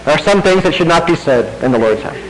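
A middle-aged man delivers a conversational sermon, asking his listeners rhetorical questions and now and then laughing at his own expense. He speaks quickly in a fairly high, animated voice, with a crowd audible behind him on a rough recording.

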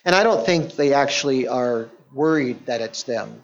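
Male preacher, mid pitch, chatty explanatory sermon, muffled lo-fi recording. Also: animated, normal speed. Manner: conversational, explanatory, with restarts and quoted voices. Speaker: pastor or Bible teacher. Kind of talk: sermon, verse-by-verse Bible teaching. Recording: dull lo-fi sound.

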